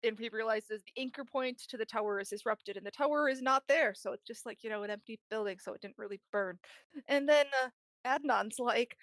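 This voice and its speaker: A woman's voice: sits high, fairly bright tone, no echo. A woman game master recapping the last sessions of a tabletop game, rambling and laughing as she quotes the players. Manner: laughing, rambling, quoting players in quick asides.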